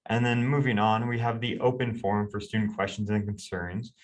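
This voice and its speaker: A man's voice: fairly low pitch, flat delivery, brisk, recorded from a distance. A man co-hosting a student town hall, reading announcements in a hesitant, hedging way. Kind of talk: casual announcements.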